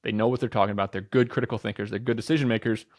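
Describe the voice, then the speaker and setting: A man's voice: lowish voice, steady tone, rapid-fire, dry recording, studio quality. A man in his thirties, an entrepreneur guest on a podcast, talking with energy and certainty and swearing casually. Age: 30s. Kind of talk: podcast interview.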